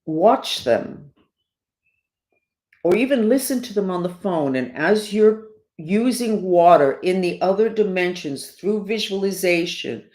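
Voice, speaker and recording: A woman's voice: mid-range voice, expressive, unhurried, darkish tone. A middle-aged woman with the hiccups, hosting a podcast and talking emphatically and preachily to her listeners. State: has the hiccups. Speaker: podcast host. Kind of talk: casual spiritual talk to listeners. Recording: roomy echo.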